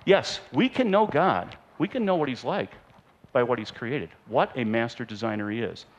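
A man giving an animated storytelling talk to an audience, playful and teasing as he speaks. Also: medium pitch, normal speed.

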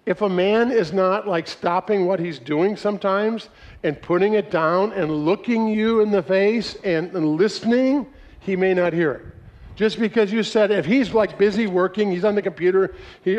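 A middle-aged man giving a folksy, animated sermon-style talk, telling stories and laughing often. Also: high voice, moderate pace. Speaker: speaker on marriage. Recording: dull lo-fi recording.

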